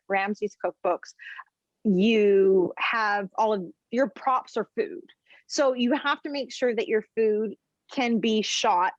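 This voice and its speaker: Woman podcast guest, chatty, rambling storyteller, laughs often, mid-pitched voice, dry and dull recording. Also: dry recording. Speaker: podcast guest, chef and food journalist. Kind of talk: casual podcast chat.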